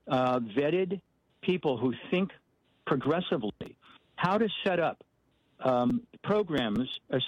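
A man's voice: a little high, no echo. A man from Washington state calling into a talk radio show, rambling and hesitant, with many fillers and backtracks. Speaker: caller. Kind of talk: phone-in call to a talk show. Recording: dull, dry phone-in line.

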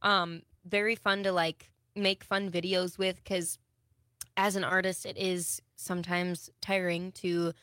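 A woman from Wisconsin, a singer-songwriter, chatting casually as a radio guest, with many ums and pauses. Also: fairly low pitch, flat delivery, fairly bright tone, no echo, studio quality. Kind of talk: casual interview chat. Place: radio studio.

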